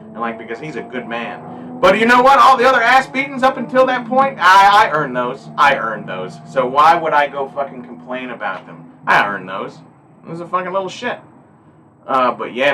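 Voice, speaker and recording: A hunting guide talking candidly to the camera in a blunt, rambling, profane way. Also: male voice, mid-range voice, bright, forceful tone, a little hiss or hum. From Alaska.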